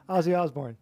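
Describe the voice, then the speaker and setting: Sarcastic high-voiced male host. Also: darkish tone, slight background noise. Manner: sarcastic, mocking, repeats words for emphasis. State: winded. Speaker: podcast host. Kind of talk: sarcastic monologue.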